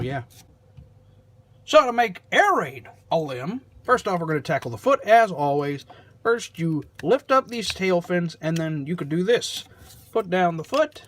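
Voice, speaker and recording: A man's voice: high-pitched, fairly bright tone. A man hosting a casual toy review vlog, rambling along with sarcastic, self-deprecating asides.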